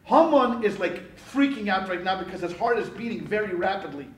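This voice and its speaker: A rabbi lectures a class in an animated, joking storytelling manner. His voice sits fairly high for a man and has a husky edge. He talks straight to the room as he teaches. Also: a little fast.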